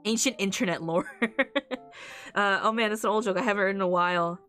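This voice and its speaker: A woman's voice: mid-range voice, a little fast, a bit bright, faint music behind. A woman streamer in a casual, rambling chat, often breaking into laughter.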